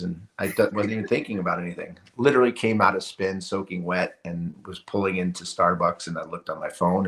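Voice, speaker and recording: A man's voice: sits low, a bit bright. A middle-aged man, a podcast guest, telling a personal story in a casual interview, with many restarts and "you know"s. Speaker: podcast guest, retired hockey player.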